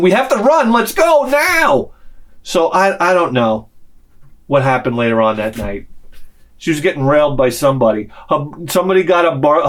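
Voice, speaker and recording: A man, hosting a channel and telling a rambling story in a casual vlog, swinging between loud outbursts and muttered asides while acting out the people in it. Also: a little high. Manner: animated, swings loud and quiet, acts out quotes. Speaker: channel host.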